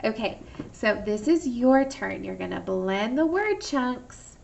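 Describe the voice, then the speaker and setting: A woman with a gravelly edge to her voice gives a phonics lesson to small children, speaking slowly and cheerfully in a sing-song teacher tone. She sits a little back from a laptop microphone, so the sound sits at a slight distance. The recording is dull and lo-fi. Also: fairly high pitch, lively intonation, darkish tone, a little hiss or hum. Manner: cheerful, slow and clearly articulated, sing-song teacher talk. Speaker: first grade teacher. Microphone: laptop or webcam microphone. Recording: lo-fi recording from off-mic.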